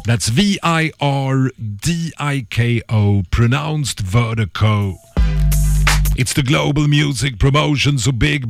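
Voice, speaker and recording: Gravelly hype radio DJ man. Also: mid-range voice, slow. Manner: hype DJ patter with stutters and repeats. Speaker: radio DJ host. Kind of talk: radio show shout-outs. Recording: music playing underneath.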